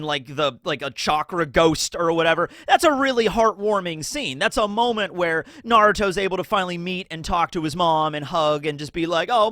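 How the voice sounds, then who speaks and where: A man's voice: high voice, dry recording, clean studio sound. A man hosting anime theory commentary in a casual, rambling way, full of fillers and acted-out bits of dialogue. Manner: rambling, filler-heavy, acts out characters in animated bursts.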